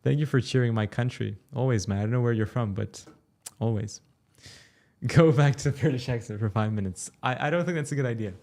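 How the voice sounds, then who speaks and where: A young man from Turkey hosting a casual crypto livestream, reading chat questions aloud and answering them in a relaxed, chatty way. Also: mid-range voice, fairly quick. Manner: relaxed, chatty, explains step by step.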